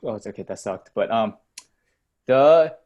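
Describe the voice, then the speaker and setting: A young man in casual chat during a movie game, excitable and apologetic, laughing often. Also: on the low side, measured pace, a little hiss or hum. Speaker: film crew member.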